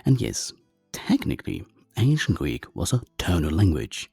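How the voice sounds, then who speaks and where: A man's voice: sits low, wildly swooping pitch, normal speed, vocal fry, warm tone, husky, dry recording, faint music behind. A man giving a methodical language lesson, naming letters and their sounds one by one. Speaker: language teacher. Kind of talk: explanatory lesson.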